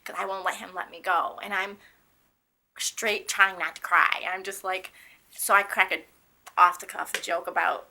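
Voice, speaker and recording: A woman's voice: mid-range voice, steady tone, a little fast, gravelly, sharp tone. A young woman speaking candidly about living with a painful illness, earnest and emphatic, often restarting her sentences. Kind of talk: candid personal testimony.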